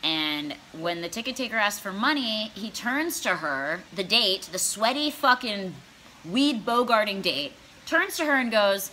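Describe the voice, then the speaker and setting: A woman's voice: medium pitch, sing-song, unhurried, pushed and bright, slight background noise. A young woman telling a comedic storytime vlog, brash and profane, laughing as she goes. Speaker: comedy vlogger.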